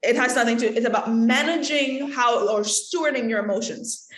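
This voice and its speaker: A woman's voice: a little high, normal speed. A woman from the Caribbean teaching an acting workshop, talking straight to the room and acting out examples as she goes. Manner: animated, talks to the room, acts out examples. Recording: echoey room.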